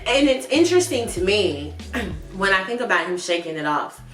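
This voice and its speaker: A woman's voice: medium pitch, sing-song, moderate pace. A woman teaching a Sunday school lesson in a conversational way, talking earnestly and directly to her viewers. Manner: earnest, warm laughs at asides, talks directly to viewers. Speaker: Bible study teacher. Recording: roomy, from a distance, with soft music behind. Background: faint background music.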